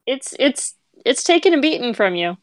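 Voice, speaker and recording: A woman acting as game master, narrating a tabletop game with steady, patient rulings. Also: high voice, normal speed, no room sound.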